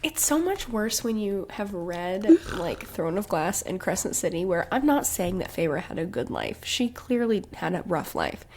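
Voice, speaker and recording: A woman's voice: medium pitch, sing-song, moderate pace, hardly any pauses, a little mellow, a little hiss or hum. A woman co-hosting a podcast, casually reviewing a book with a sarcastic, profane, laugh-filled manner. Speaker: podcast co-host.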